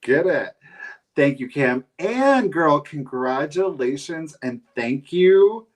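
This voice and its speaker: A man's voice: fairly high pitch, expressive, takes it slowly. A man co-hosting a live vintage sale, running auction countdowns and cheering on buyers in an upbeat way.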